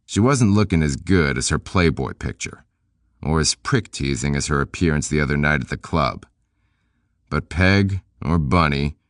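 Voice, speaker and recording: Very deep, deadpan male audiobook narrator. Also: vocal fry, no room sound. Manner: deadpan, dry, low-key. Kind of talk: first-person audiobook narration.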